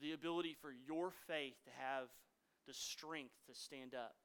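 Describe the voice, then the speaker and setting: A man, a pastor preaching a sermon, swinging from loud emphasis to hushed asides. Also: medium pitch, fairly even intonation, unhurried, smooth.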